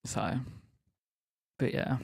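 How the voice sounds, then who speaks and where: A man's voice: very slow, dry recording, studio quality. A young man chatting casually on a live stream, rambling, laughing often and teasing viewers.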